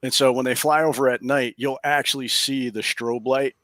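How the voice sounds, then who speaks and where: A man, a paranormal investigator, telling a story in animated, casual fashion from his home office over a video call, chuckling as he goes. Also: mid-range voice, normal speed, no room sound.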